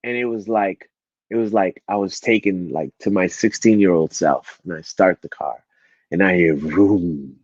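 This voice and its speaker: A man telling a motivational story at an online event, animated and acting out the dialogue as he goes. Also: deep voice, moderate pace, no room sound, muffled recording. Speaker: speaker at a men's online event.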